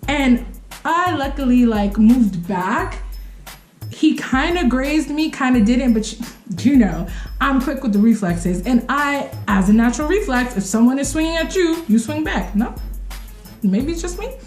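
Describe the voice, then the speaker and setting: A young woman tells a story to her camera in a lively, expressive way, acting out what people said with sudden leaps in pitch. Her voice sits a little high. The room is echoey, with faint music underneath. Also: measured pace. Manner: expressive, acts out quotes with sudden pitch jumps. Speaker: vlogger telling a story. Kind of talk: animated story time.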